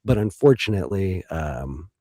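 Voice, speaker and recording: A man with a low, mellow voice talks thoughtfully as an interview guest. He pauses often and restarts his sentences. The sound is dry and close. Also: sing-song, dry recording. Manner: reflective, hesitant, many ums and restarts. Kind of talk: casual interview talk.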